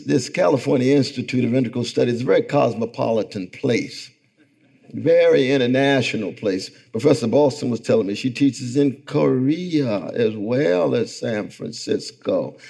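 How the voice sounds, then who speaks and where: A middle-aged man giving a public lecture to a live audience in an event hall, speaking with a rhythmic, sermon-like cadence that swells toward near-shouting as he calls out to the crowd. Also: medium pitch, creaky, breathy edge. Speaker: guest lecturer.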